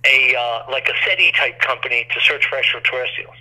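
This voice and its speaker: A man's voice: mid-range voice, a little fast, bright, forceful tone. A man telling a long, rambling story as an interview guest, acting out quoted voices, over a phone line.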